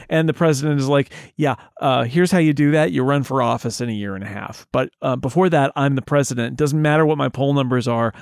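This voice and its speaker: A man's voice: mid-range voice, fairly quick, hardly any pauses, clear, resonant tone, dry recording, clean studio sound. A man co-hosting a casual film podcast, retelling scenes and playfully doing the characters' lines. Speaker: podcast co-host.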